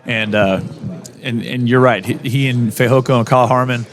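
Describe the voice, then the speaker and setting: A man's voice: mid-range voice, fairly even intonation. A middle-aged man, a college football head coach, talking upbeat as a radio interview guest, often restarting his sentences. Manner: upbeat, talks in quick bursts with many restarts.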